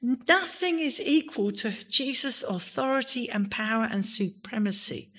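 A woman's voice: fairly high pitch, lively intonation, measured pace, a bit bright, slightly rough. A woman pastor giving a sermon in a church, speaking with emphasis and rising to exclamations on key words.

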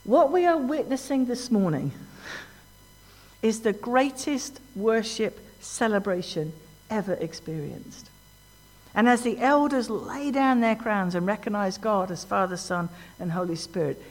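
A woman delivers a sermon with animated emphasis, her pitch sitting in an ordinary middle range. She often stops to ask the congregation questions. Her voice carries a long reverb from a large church hall. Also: unhurried. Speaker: preacher.

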